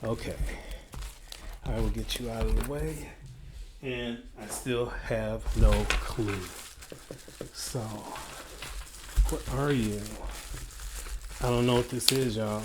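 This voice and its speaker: Slow chatty guy unboxing a fidget toy, faint hiss behind. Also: mid-range voice, steady tone. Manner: chatty, rambling, playful asides. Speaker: product reviewer. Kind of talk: casual unboxing review.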